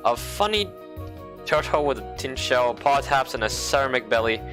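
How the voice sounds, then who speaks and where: A man's voice: medium pitch, animated, normal speed, music in the background. A man reading a visual novel aloud as a let's play host, dropping wry, sarcastic asides. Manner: wry, sarcastic, playful commentary.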